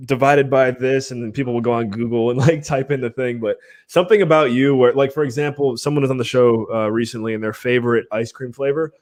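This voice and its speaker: A man's voice: mid-range voice, fairly even intonation, quick pace, few pauses, darkish tone. A man from Ohio hosting a livestream podcast, chatting casually, rambling a little and laughing often as he runs giveaways. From Ohio, USA. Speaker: podcast host.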